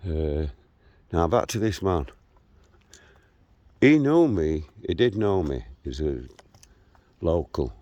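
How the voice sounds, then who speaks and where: A man's voice: low-pitched, slow pace, pauses often, no echo, highs cut off. A man, telling a story about an argument while walking outdoors. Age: 60s. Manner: animated, re-enacts a street argument. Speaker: vlogger. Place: outdoors, walking through a local park and streets.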